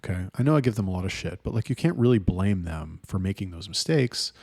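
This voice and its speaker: A young man with a low voice rambles through a casual monologue, blunt and profane and full of restarts. The sound is dry and close, with no room echo. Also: lively intonation, quick pace, darkish tone. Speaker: host.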